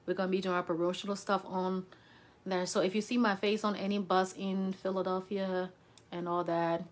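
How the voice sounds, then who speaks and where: A middle-aged woman, a nurse turned health provider from Liberia, chatting casually on a livestream and telling a story with lively quoted voices. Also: medium pitch, normal speed. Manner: chatty storyteller, animated when quoting. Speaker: nurse practitioner and health vlogger.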